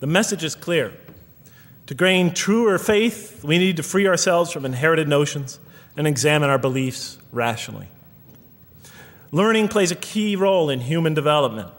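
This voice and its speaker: A man's voice: a little high, animated, moderate pace. A man giving a public lecture, earnest and rhetorical, counting off points one by one. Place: lecture hall. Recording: lecture hall with long reverb.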